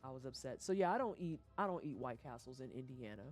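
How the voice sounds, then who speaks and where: Animated, profane woman ranting. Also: very deep voice, fast, music in the background. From St. Louis, USA. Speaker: livestreamer. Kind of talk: casual rant on a gaming stream.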